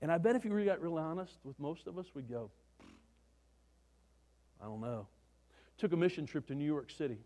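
Male preacher, high-pitched, folksy sermon storytelling with restarts, reverberant hall. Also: animated, very fast, hardly any pauses, mellow.

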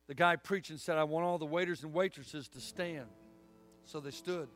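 A man's voice: fairly high pitch, moderate pace, a bit bright, faint music behind. A middle-aged man preaching a sermon in a church, folksy and storytelling, with punchy emphatic lines. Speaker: guest preacher. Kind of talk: sermon with altar call. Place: church sanctuary.

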